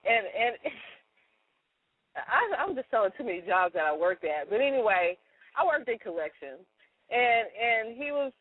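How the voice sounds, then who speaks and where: A woman co-hosting a comedic radio chat show, chatty and quick to laugh as she tells her stories. Her high voice comes through dry and close, narrowed as on a phone line. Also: sing-song, no echo.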